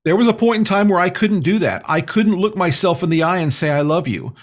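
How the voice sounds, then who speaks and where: A man with a fairly high voice is speaking as a guest healer in a relaxed interview. His delivery is earnest and meandering, with frequent filler phrases and restarts as he gathers his thoughts. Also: brisk. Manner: earnest, rambling, many "you know" fillers. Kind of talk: casual conversational interview.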